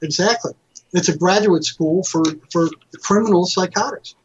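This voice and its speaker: A man, a mental health counselor, telling lively anecdotes as a guest in an interview and acting out what others said. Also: high-pitched, moderate pace, a little hiss or hum. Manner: animated anecdotes, acting out quoted people. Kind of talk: conversational storytelling. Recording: dull lo-fi audio.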